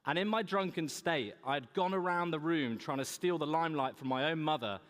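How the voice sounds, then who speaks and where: A young man with a slightly high voice tells funny adventure stories from a conference stage. His talk rings out with the long reverb of a large hall. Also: a little fast, fairly bright tone. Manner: humorous, anecdotal storytelling. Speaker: keynote speaker. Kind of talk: storytelling keynote talk.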